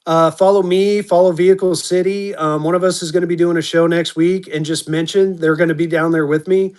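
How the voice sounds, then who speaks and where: High-voiced man calling a live auction. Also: fairly even intonation, a little mellow. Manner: fast auctioneer chant, upbeat and chatty. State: losing his voice. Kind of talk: live-stream auction patter.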